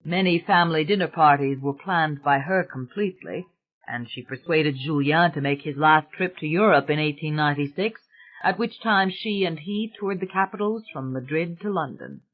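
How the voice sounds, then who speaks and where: A man reading an audiobook in a measured, formal narration. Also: fairly high pitch. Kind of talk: scripted narration. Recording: tinny, phone-like sound.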